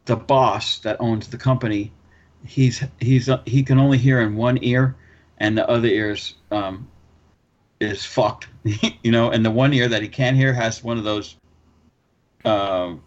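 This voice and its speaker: A man's voice: medium pitch, steady tone, a little slow. A man co-hosting a casual podcast, rambling through an anecdote with plenty of swearing and chuckling. His sound is dull and lo-fi. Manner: rambling storyteller, swears a lot, laughs mid-sentence. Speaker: podcast co-host. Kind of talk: casual chat.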